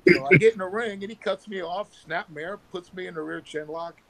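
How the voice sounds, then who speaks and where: A former pro wrestler telling animated stories with sound effects, talking on his phone from work. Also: high-pitched, fairly quick, vocal fry, a crowd in the background, low-quality recording. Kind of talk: casual storytelling.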